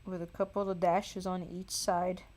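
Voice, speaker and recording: A woman's voice: lowish voice, little pitch movement, normal speed, a little mellow. A woman hosting a livestream who thinks aloud in casual chat as she draws, tired, sighing and poking fun at herself. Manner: thinks aloud, self-mocking, sighs. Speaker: livestream host and singer.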